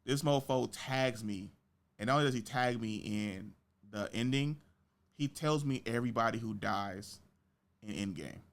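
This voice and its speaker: A young man hosts a podcast in easy, slangy chat, winding through his stories at a mid pitch. He swears freely and lets the tale run on. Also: unhurried. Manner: animated storytelling with big pitch jumps in quoted reactions; slangy, profane speech. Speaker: podcast host. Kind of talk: casual chat.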